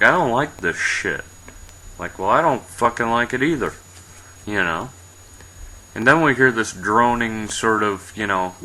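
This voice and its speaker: Guy rambling thru a sweary fantasy story, low voice but really bright and sharp. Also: low-quality recording. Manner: profane, rambling, voices his characters briefly. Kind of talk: casual improvised fantasy storytelling.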